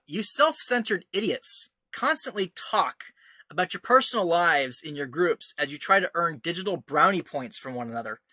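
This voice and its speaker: A man's voice: on the high side, bright, forceful tone, no room sound. A man giving sarcastic commentary as he reads out screenshots, mocking and scornful, often laughing. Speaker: online commentator. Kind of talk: reading his own article aloud.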